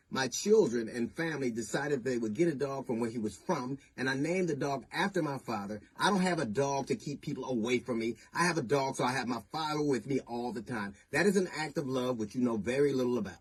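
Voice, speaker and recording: Husky middle-aged guy, comedian answering accusations, slow and emphatic, gets heated. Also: medium pitch. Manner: deliberate and emphatic, building to indignant. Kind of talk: public statement answering accusations.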